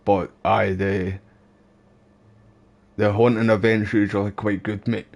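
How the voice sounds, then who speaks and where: Scottish male streamer, casual and foul-mouthed, fairly low voice, talks gameplay with chat. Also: flat delivery, slow pace, vocal fry, darkish tone. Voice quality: laid-back, swears casually, calls viewers mate and bro. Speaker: gaming live streamer.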